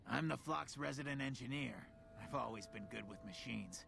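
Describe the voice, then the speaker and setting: An actor voicing a proud, neurotic male ghoul engineer in a video game, with a gravelly voice and a touchy, sardonic manner. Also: normal speed, noisy background. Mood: earnest. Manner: proud and touchy, swings to shrill outrage.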